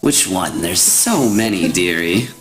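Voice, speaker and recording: A man's voice: low voice, lively intonation, a little slow, a bit bright, pitched below the performer's own voice, rough recording. A man voicing a cruel, scheming old female hag who mocks and taunts with cackles. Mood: mocking.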